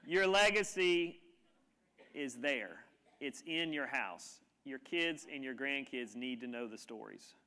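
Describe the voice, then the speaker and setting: A man giving a humorous, animated storytelling talk to a live audience in a lecture room. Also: mid-range voice, slow, smooth. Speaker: keynote speaker.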